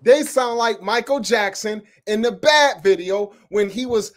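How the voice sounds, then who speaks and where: A Bible teacher from upstate New York preaches informally with fiery, emphatic energy, dropping street slang and speaking directly to listeners in asides. His voice is high for a man, alternating loud punches with quieter stretches, and he takes his time.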